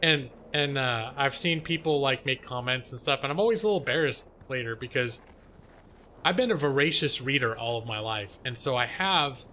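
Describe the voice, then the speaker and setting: A man's voice: medium pitch, moderate pace, pushed and bright, a little hiss or hum. A man chatting casually on a live gaming stream, rambling and self-deprecating, with casual swearing. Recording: faint music behind.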